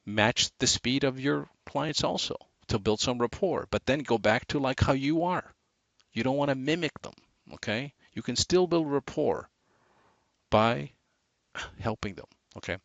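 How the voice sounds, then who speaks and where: A man giving a motivational sales training talk, animated, shifting his inflection and speed for emphasis. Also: medium pitch, creaky, no echo. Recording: dull lo-fi dry recording.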